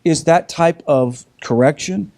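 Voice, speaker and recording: A middle-aged man teaching in a casual group discussion, telling lively stories with frequent restarts. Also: fairly high pitch, a little slow. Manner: animated storyteller with frequent restarts.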